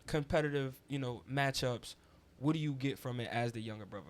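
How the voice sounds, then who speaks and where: A man hosting a studio interview in a casual, slangy way, giving lots of shout-outs. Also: medium pitch, a little fast. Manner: relaxed slangy talk, hypes up guests with shout-outs. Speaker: podcast host. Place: recording studio.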